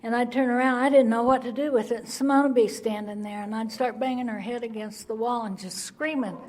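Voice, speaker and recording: A woman giving her Al-Anon recovery testimony, telling her story in an animated way and acting out the people in it. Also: fairly high pitch, fairly quick. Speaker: Al-Anon speaker.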